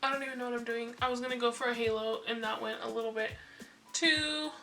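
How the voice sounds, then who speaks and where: Young woman vlogger, high bright voice, kinda frazzled and giggly, a bit off mic. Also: fairly even intonation, recorded from a distance, faint music behind. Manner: flustered, rushed, laughing at herself. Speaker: beauty vlogger. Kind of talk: casual chat to camera.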